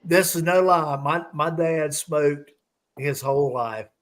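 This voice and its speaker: A man's voice: fairly high pitch, slow, slight background noise. A man hosting a live casual group chat, telling stories in a laid-back way. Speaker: live show host.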